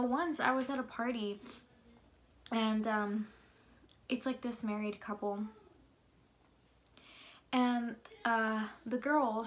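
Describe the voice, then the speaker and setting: A young woman vlogging in her bedroom, ranting heatedly with lots of swearing and "like" fillers. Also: mid-range voice. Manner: fired-up, swears a lot, many "like" fillers. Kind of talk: heated opinion rant to camera.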